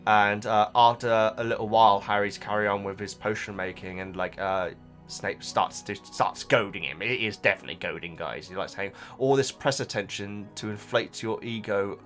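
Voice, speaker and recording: A young man casually reacting to a book he is reading, rambling and halting, often stopping to laugh at himself. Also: lowish voice, fairly bright tone, faint music behind.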